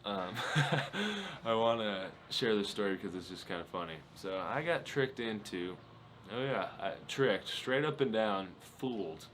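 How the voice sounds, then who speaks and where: Young guy podcasting solo, kinda low voice, rambly and laughy, faint hum behind. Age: 20s. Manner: rambling, laughing, lots of fillers. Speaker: podcast host. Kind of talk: casual solo podcast storytelling.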